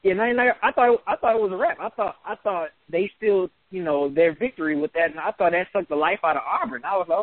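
A man co-hosting a sports podcast, telling the story in an excited, animated way. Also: high voice, quick pace, hardly any pauses, no room sound. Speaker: podcast co-host. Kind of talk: casual sports chat. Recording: tinny phone-like sound.

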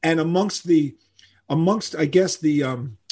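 An older man, telling animated stories as a guest in a podcast interview and acting out the people he quotes. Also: on the high side, measured pace, slightly rough. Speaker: guest musician.

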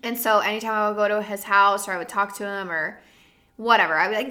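A young woman hosting a podcast in casual chat, animated, shifting between soft talk and loud bursts, laughing often. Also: medium pitch, fast talker. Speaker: podcast host.

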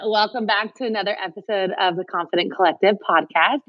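A young adult woman co-hosting a podcast, bubbly and excitable in casual chat. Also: mid-range voice, fast talker, dry recording, muffled recording. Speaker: co-host.

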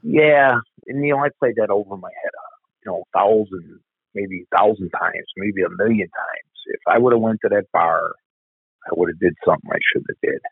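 Fairly low in pitch and fairly quick, this man speaks with vocal fry and a slightly rough quality over phone-quality sound with no echo. In a candid interview, the middle-aged police officer tells of a family tragedy bluntly and profanely, going back over points as he recalls them conversationally.

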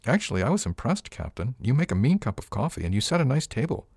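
A man's voice: mid-range voice, big pitch swings, quick pace, darkish tone, breathy edge, dry recording, studio quality, voice pushed up. A man reading an audiobook, voicing an eager, polite young woman of the crew who calls her captain sir. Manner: polite, deferential, addresses with sir.

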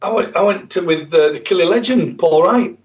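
A South Yorkshire man in his fifties with a fairly high voice, answering questions as a podcast guest. He is good-humoured and pokes fun at himself. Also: a little fast, dull audio. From South Yorkshire, England. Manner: good-humoured, self-mocking. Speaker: guest, former footballer. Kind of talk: casual interview chat.

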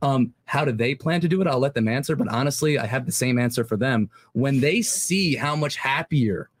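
A man's voice: mid-range voice, animated, fairly quick, dry recording. A man speaking as a podcast guest, brash and teasing, confident in casual debate.

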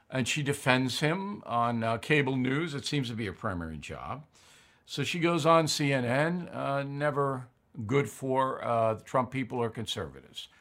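A man's voice: mid-range voice, fairly bright tone. An older man hosting a commentary show, blunt and opinionated, reading ads and giving his views with emphatic repetition.

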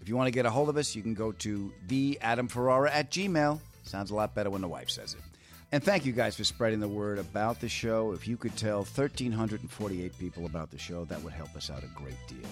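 Male podcast host, casual wry grumbler, lively pitch. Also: fairly quick, faint music behind. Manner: wry, self-described cranky humor.

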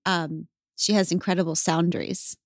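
A woman hosting a podcast, telling stories in an emphatic, animated way. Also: on the low side, normal speed, no echo, clean studio sound. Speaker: podcast host. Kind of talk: casual podcast chat.

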